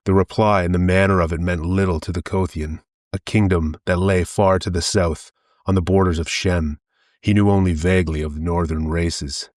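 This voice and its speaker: A man narrating an audiobook in a measured, steady reading. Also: deep voice, dry recording, studio quality.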